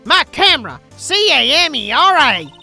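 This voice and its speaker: A woman voicing a loud, pushy young woman photographer who shouts accusations, with faint game music behind. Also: mid-range voice, sing-song, normal speed. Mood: brash.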